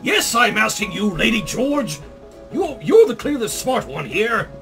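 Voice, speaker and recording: A young man co-hosting a game playthrough, loud and teasing, swearing often. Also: high voice, very animated, a little slow, vocal fry, faint music behind. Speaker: gaming channel co-host. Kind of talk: casual gameplay banter.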